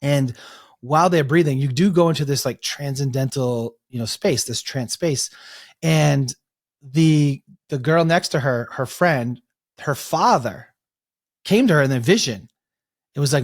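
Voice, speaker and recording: A man telling animated stories as an interview guest, acting out the people he quotes. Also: a little high, moderate pace, no room sound, clean studio sound. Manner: animated storyteller, restarts and acts out quotes. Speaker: guest, breathwork coach. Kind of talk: storytelling in an interview.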